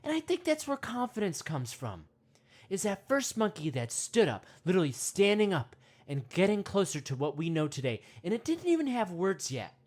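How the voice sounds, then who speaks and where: A woman playing an excitable male self-help podcast host who rambles, repeats himself and trails off mid-thought. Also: on the low side, moderate pace. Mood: worked up. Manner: rambling, repeats words, trails off, grunts monkey noises. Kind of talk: comedic parody meditation podcast.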